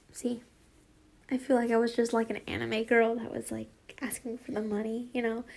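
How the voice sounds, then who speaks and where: A woman's voice: fairly high pitch, flat delivery, moderate pace, gravelly. A young woman reading fanfiction aloud in a casual, rambling way, often breaking off to laugh and apologize. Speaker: fanfiction reader. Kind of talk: casual reading with chatty asides.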